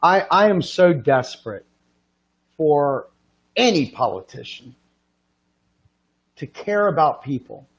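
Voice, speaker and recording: A man's voice: on the high side, sing-song, slow pace, pauses often. A man from the United States hosting a livestream, making an earnest, pleading political appeal with repeated questions. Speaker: livestream host.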